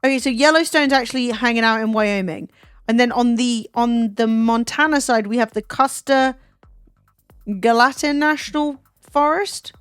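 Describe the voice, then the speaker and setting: A woman's voice: on the high side, normal speed, smooth, no echo. A British woman streamer chatting casually, teasing and incredulous, swearing freely. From Britain. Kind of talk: casual chat with a guest. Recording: dry close mic, faint music behind.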